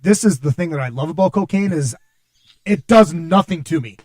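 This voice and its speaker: A man's voice: a little high, lively intonation, a little mellow, dry recording. Easygoing podcast host, man. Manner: easygoing banter, quick asides. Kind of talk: casual podcast chat.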